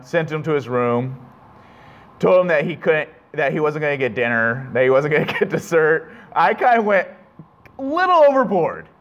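A man's voice: a little high, fairly bright tone. A man with a slightly raised voice delivers a sermon, weaving in an earnest personal story. He reflects on his own failings and often restarts his sentences. The recording is dull and lo-fi. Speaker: preacher.

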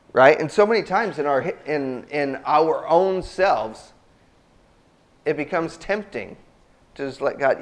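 A man delivering a sermon at an ordinary pitch for a man. He talks to his listeners in a relaxed, conversational way and puts questions to them directly. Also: normal speed. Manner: conversational, asks the congregation questions. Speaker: preacher. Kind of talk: sermon with scripture reading.

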